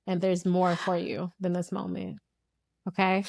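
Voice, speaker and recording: A woman hosting a heartfelt conversation, speaking softly with gentle affirmations and drawn-out phrasing. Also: fairly low pitch, completely flat delivery, creaky, dry recording. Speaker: host.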